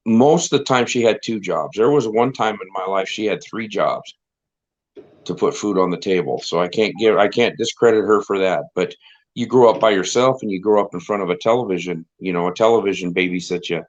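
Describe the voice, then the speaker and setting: A man's voice: low-pitched, brisk. A middle-aged man chatting on a live stream, rambling and wry and often repeating himself. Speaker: stream co-host. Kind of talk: casual chat on a live stream. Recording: slightly dull lo-fi stream audio.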